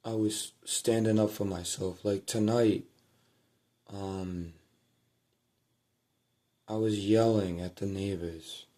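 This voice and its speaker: Man, low mellow voice, casual storytelling to camera, rambling, swearing, restarts, home at night. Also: fairly even intonation, slow pace, long pauses. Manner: rambling, profane, with restarts and trailing-off murmurs. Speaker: vlogger telling a personal story.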